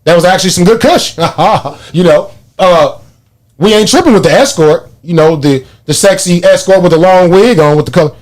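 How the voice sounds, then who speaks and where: A man's voice: high-pitched, moderate pace. A man, hosting a podcast and telling profane stories in casual chat. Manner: animated storytelling, profane, laughs often. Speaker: podcast host.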